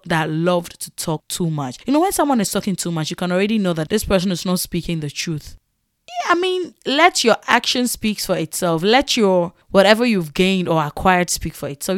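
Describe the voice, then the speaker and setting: A woman vlogger rants in a casual, animated monologue, mocking and asking rhetorical questions. Her voice sits in a middle pitch. The recording is dry and close. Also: no room sound.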